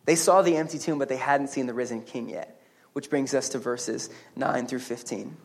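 Guy pastor giving a sermon in church, animated, cracks jokes, restarts his words a lot. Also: medium pitch, gravelly, slight background noise. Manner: animated and humorous, with quick restarts and asides. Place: church service.

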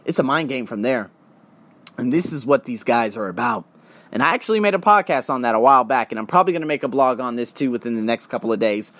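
Animated, profane man telling a story. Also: mid-range voice, quick pace, dry recording. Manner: animated, profane, acts out other people's voices. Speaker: podcast host. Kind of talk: casual storytelling rant.

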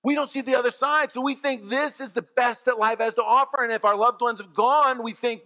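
A pastor preaching a sermon, telling stories in an animated way and swinging from soft, low passages to loud ones. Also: male voice, fast talker, few pauses. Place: church. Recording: long church reverb.

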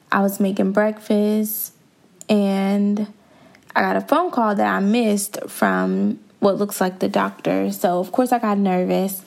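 A woman's voice: mid-range voice, creaky, darkish tone. A young woman hosting a podcast, candidly telling a personal story in a conversational way and talking straight to her listeners. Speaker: podcast host.

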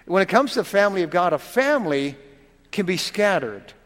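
A man's voice: high-pitched, sing-song, fairly quick, fairly bright tone, in a large hall. A pastor preaching a sermon in a conversational way, often asking his listeners rhetorical questions.

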